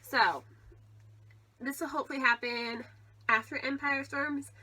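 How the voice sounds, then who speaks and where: Bright, chatty young woman vlogger. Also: high voice, steady tone, a little slow. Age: young adult. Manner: chatty, rambling, with frequent "like" and "um". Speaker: book vlogger. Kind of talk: casual vlog chat.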